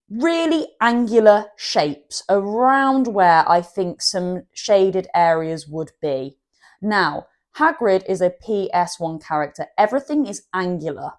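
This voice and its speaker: A woman's voice: lowish voice, a little mellow. A woman hosting an art channel, giving a chatty drawing tutorial and laughing at herself now and then.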